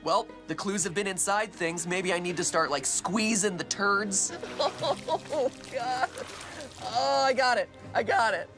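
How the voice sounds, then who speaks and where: A man's voice: sits high, a little slow. A man on a reality show recapping and joking, squeamish and exclaiming. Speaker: game contestant. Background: music.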